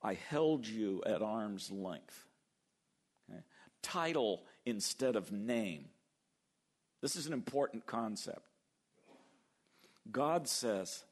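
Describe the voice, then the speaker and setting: An older man preaching a sermon, lively and acting out the quoted voices as he goes. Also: fairly low pitch, slow pace, long pauses. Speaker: pastor.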